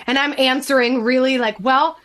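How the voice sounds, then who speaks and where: A woman with a fairly high voice tells a personal story in an easy, chatty way. She is animated and acts out what people said, jumping her pitch up and down for each quoted line. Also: moderate pace. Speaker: podcast guest. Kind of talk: casual storytelling.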